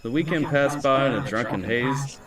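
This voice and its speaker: A man's voice: medium pitch, moderate pace. A man reading a scary story aloud on a livestream, chatty and breaking off to talk to his viewers. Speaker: streamer. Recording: roomy echo, distant mic, music behind.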